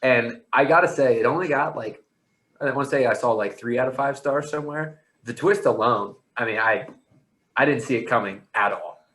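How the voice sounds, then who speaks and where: A man's voice: mid-range voice, normal speed, fairly bright tone. A young man co-hosting a casual podcast, chatting and breaking in with laughs and side comments. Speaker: podcast co-host. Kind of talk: casual chat. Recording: echoey room with faint noise.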